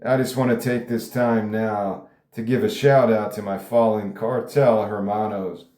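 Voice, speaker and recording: A taunting, smug cartel member in his forties, as a man reads him aloud. The voice is low and warm in tone. Roomy echo hangs around it. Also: steady tone, a little slow, natural voice. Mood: defiant. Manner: taunting, mocking. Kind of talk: table read of a script.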